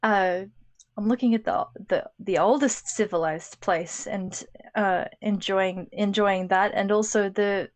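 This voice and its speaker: A woman's voice: mid-range voice, steady tone, unhurried. Wry woman podcast co-host. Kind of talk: casual conversational discussion.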